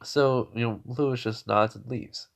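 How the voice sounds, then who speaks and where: Young man, casual storyteller, middle-pitched voice, halting delivery full of restarts and little chuckles. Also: fairly even intonation, vocal fry. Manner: halting, many restarts and fillers, chuckles often. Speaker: fan-fiction storyteller. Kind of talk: casual improvised story narration.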